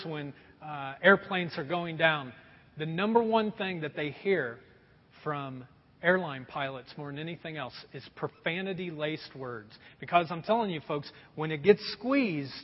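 A middle-aged pastor with a high, slightly husky voice delivers a folksy sermon, often calling out to the congregation. His voice carries a long hall reverb and sounds a bit dull, like a church sanctuary recording. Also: animated, unhurried.

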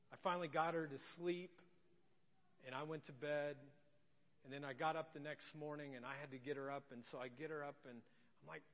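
A male pastor tells a story from the pulpit in a fairly high voice, acting out voices and dropping to hushed tones. His sermon carries the long echo of a church hall, and the recording sounds dull and lo-fi. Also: moderate pace. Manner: animated, acts out voices, drops to hushed tones.

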